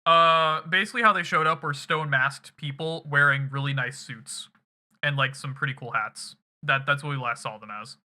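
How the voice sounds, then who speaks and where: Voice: medium pitch, moderate pace, pushed and bright. A streamer recapping a game to chat in a loose, rambling, casual way with some swearing.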